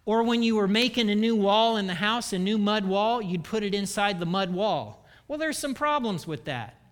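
A man giving a church sermon as pastor, animated and humorous, with self-deprecating asides. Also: high-pitched, normal speed.

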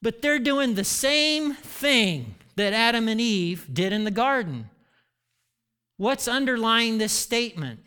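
Brief: pastor in mid-sermon, higher-pitched man, lively storyteller who pokes fun at himself. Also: takes it slowly, clean tone. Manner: animated, self-deprecating storytelling.

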